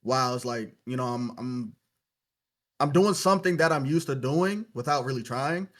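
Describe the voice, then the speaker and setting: A man's voice: mid-range voice, expressive, normal speed, a bit bright. A young man from Louisiana, a podcast guest telling his story in a casual, reflective way, with lots of "you know" fillers.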